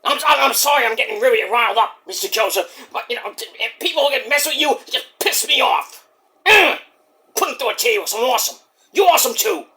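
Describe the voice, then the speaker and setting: A hot-tempered old wrestler's ghost, as a man puts him on, boasting and threatening to put people through tables. The voice sits well above the man's own, bright and swinging wildly in pitch. He talks loud and brash, always ready to pick a fight. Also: expressive, heavily acted. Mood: riled up. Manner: shouty, boastful, quick to threaten.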